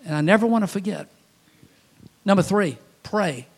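Preacher from Louisiana, male, high-pitched, folksy sermon storyteller, loud-to-hushed delivery. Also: normal speed, long pauses. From Louisiana, USA.

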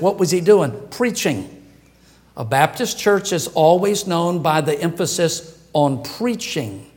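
High-voiced joking Baptist pastor preaching. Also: male voice, a little mellow. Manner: jokey, conversational preaching with chuckles. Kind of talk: sermon. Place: church sanctuary.

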